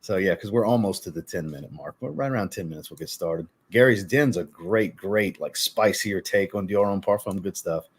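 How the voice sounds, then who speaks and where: Low-voiced man ranting on a livestream. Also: normal speed, few pauses, slightly rough. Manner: ranting, blunt and profane, then apologetic. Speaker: fragrance reviewer hosting a livestream. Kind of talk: casual livestream chat reading viewer comments.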